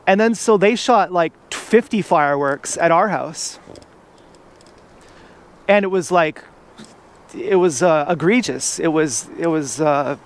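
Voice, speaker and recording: A man's voice: fairly high pitch, slow pace, pauses often, slight background noise. A man vlogging outdoors from an e-bike, rambling in a casual monologue full of "like" and restarts.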